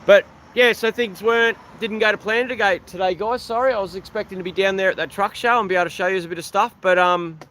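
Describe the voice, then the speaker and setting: A man's voice: high voice, fairly even intonation, fast, hardly any pauses, a bit bright, slight background noise. An Australian man chatting casually on a livestream outdoors, rambling and thanking viewers by name. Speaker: livestream host. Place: outdoors beside an old truck.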